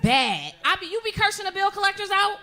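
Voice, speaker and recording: A middle-aged woman performing a profane stand-up comedy set, telling stories loudly and animatedly. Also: very high-pitched, brisk. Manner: profane, loud, animated storytelling with frequent laughs. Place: comedy club stage with live audience.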